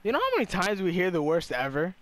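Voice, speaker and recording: A young man, the host, chatting casually while gaming, swearing, laughing and yelling sudden high-pitched shouts. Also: wildly swooping pitch, quick pace.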